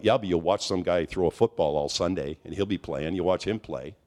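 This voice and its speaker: A man preaching a charismatic sermon, telling stories with animated swings and climbing to high, near-shouted peaks. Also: fairly quick.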